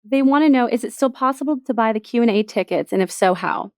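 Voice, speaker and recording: A woman's voice: on the high side, fast talker, darkish tone, smooth, dry recording. Bubbly woman co-host, dry sound. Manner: bubbly, laughs easily. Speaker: podcast co-host. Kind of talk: casual chat, reading audience questions.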